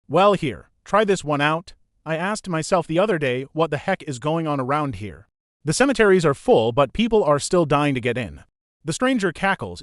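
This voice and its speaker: A man reading a reddit story aloud as scripted narration, voicing every character in the same even narrating voice. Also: on the high side, moderate pace, no room sound, studio quality.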